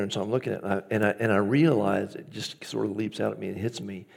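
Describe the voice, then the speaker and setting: A man's voice: on the low side, fast talker, gravelly, hardly any pauses, a little mellow, breathy edge. A man preaching a conversational, storytelling sermon as pastor, acting out his own inner dialogue.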